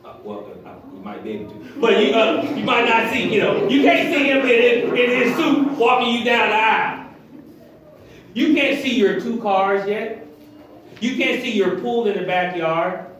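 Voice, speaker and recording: A man preaching a lively, animated sermon as pastor of a church, acting out voices as he goes. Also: extremely high pitch, moderate pace. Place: church hall. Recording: echoey hall, heard from far.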